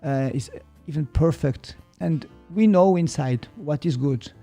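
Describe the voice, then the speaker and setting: Swiss German-accented male guest, slightly high voice, unhurried and explanatory. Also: faint music behind. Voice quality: searches for words, mixes in German. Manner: calm, explanatory, hesitant. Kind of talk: reflective podcast conversation.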